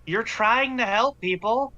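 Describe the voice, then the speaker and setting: A man voicing a wary teenage girl who questions a secret agent in slow, earnest, probing questions. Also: very high-pitched, sharp tone, voice pushed up, exaggerated voice. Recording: muffled online call audio.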